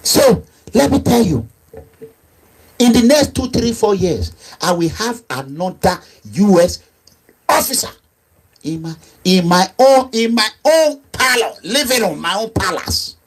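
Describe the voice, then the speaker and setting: A middle-aged man with a Nigerian accent speaks in a sing-song, breathy voice at a measured pace. He's an activist leader giving an impassioned, emphatic, repetitive monologue with low asides and raised outbursts.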